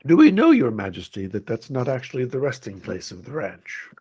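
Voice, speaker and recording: Husky-voiced man role-playing a game character. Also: medium pitch, huge pitch swings, fairly quick, a little mellow. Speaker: player. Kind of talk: in-character tabletop role-play.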